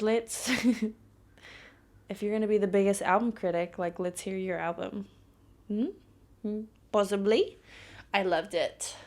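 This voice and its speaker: Woman podcast host, slow delivery, gravelly fry, blunt and profane. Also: medium pitch, darkish tone. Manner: blunt, profane, ranting storyteller. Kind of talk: casual solo podcast monologue.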